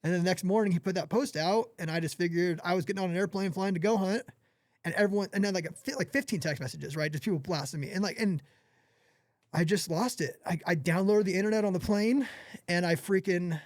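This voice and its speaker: A man in his forties with a fairly high voice speaks as a podcast guest, earnest and apologetic, circling back and restarting his sentences. The sound is close and dry, with no room around it. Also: fast talker, no echo. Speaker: podcast guest, gear company owner. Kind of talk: candid podcast conversation.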